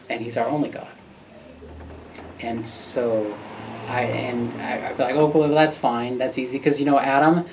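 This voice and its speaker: An American man recounts his story to an audience gathered in a pub. He is animated, laughs often and acts out the voices of other people. The recording picks him up from a distance, with a faint hum of the room behind him. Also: medium pitch. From United States. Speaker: speaker at a talk. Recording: distant mic with faint background noise.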